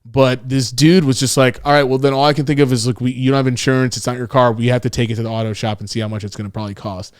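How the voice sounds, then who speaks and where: A man's voice: mid-range voice, rapid-fire, few pauses, dry recording, studio quality. A man co-hosting a podcast, telling stories casually with lots of swearing and acted-out quotes. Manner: profane, animated retelling with acted-out quotes. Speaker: podcast co-host. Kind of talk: casual storytelling chat.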